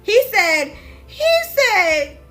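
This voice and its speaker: A woman hosting a livestream, chatting casually and directly to her viewers in loose, slangy speech, retelling things with animated swings in pitch. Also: drawn-out words, soft background music. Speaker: livestream political commentary host. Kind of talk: casual chat.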